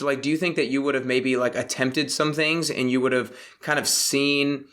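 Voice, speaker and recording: A man's voice: mid-range voice, fairly bright tone. Upbeat enthusiastic male podcast host. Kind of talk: casual interview.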